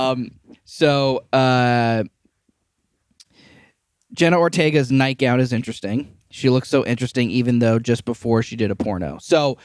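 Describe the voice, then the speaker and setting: A young man co-hosting a podcast, talking in a relaxed, playful way and laughing often. His voice sits at an ordinary middle pitch. It is recorded close and dry, with no room sound. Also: measured pace, no room sound. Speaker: podcast co-host. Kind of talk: casual chat.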